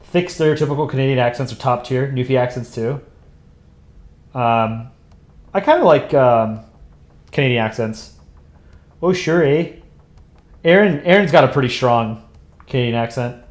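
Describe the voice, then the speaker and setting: This man speaks in a mid-range, slightly mellow voice at normal speed, leaving long pauses. He's hosting a casual drawing livestream, rambling offhandedly as he thinks aloud with the occasional chuckle. There's a roomy echo, with faint music in the background.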